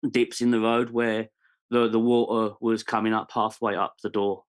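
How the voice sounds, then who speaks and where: A man's voice: lowish voice, level tone, normal speed, clean tone. A man in his forties with a British accent, a podcast guest telling his life story candidly, earnest and searching, with frequent ums and restarts. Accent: British English. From England. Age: 40s.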